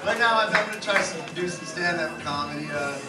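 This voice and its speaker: A man's voice: high voice, brisk, roomy sound, recorded from a distance, heavy background noise. A man doing a stand-up comedy set, telling crude jokes in a loose, rambling way with lots of fillers, laughing along at his own punchlines. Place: small comedy club stage. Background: crowd laughing and cheering.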